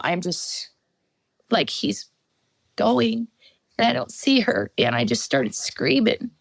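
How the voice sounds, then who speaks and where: A middle-aged woman giving a personal testimony as a podcast guest, halting storytelling with many fillers. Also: lowish voice, dry recording.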